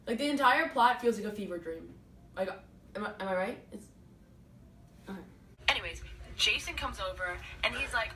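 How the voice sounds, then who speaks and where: A woman's voice: medium pitch, lively intonation, fairly quick, long pauses, sharp tone. A young woman retelling a classic play in a sarcastic, slangy, chatty way, recorded on a distant mic with faint hiss. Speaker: student summarizing a play. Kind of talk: comedic casual retelling.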